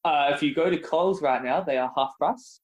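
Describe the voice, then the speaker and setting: A man's voice: on the high side, fairly quick, rough recording. A man, a guest on a chat show, talking in a laid-back, joking way with plenty of fillers. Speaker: podcast guest, cooking contestant. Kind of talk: casual chat.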